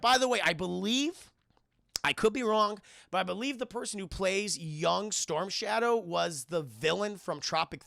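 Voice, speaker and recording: A man casually recapping a film to his live chat, rambling, swearing and excitable, keeps calling out to the chat. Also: high voice, creaky, no room sound, studio quality. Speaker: film reviewer streaming to chat.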